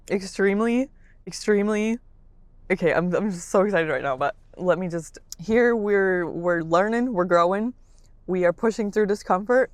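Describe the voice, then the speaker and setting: A young woman vlogging casually to camera from a parked car, bubbly and excitable, often repeating herself. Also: lowish voice, dry recording. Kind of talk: casual vlog talk to camera. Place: parked car in a public lot.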